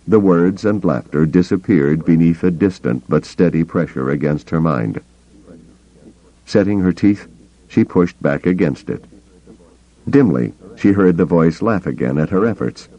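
A man narrating an audiobook in a slow, deliberate reading. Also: deep voice, dark tone. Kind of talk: scripted narration. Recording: dull lo-fi cassette tape.

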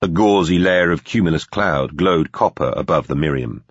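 Audiobook narrator: man, very deep and husky voice, steady, measured reading. Dull, dry recording. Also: dry recording. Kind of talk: scripted narration.

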